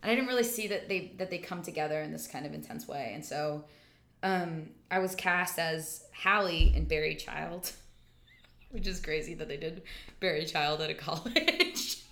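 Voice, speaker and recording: Bright-voiced chatty woman. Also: low-pitched, normal speed, vocal fry. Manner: chatty, frequent fillers, animated storytelling. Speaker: podcast guest, theater actor. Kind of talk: casual podcast conversation.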